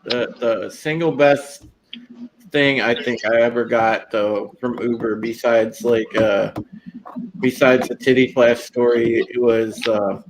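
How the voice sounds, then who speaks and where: A man's voice: mid-range voice, fairly even intonation, slow, noisy background. A man hosting a podcast who chats casually and crudely, stammering and restarting his sentences. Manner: stammering, repeats words, crude. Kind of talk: casual chat.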